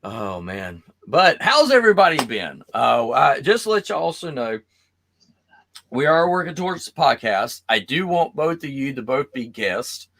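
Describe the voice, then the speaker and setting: A man hosting a casual video-call chat who rambles, laughs often and talks in an animated way. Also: mid-range voice, normal speed. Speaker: host.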